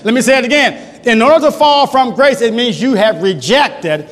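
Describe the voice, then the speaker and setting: A male pastor preaching a sermon in a church, swinging between loud, emphatic shouting and low, quiet passages. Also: normal speed. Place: church sanctuary. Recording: long hall reverb.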